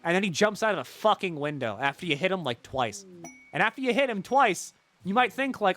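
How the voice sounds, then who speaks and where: A young man streaming a game, retelling its story with animated, sarcastic and profane commentary. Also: high-pitched, fairly quick. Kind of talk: casual gameplay commentary.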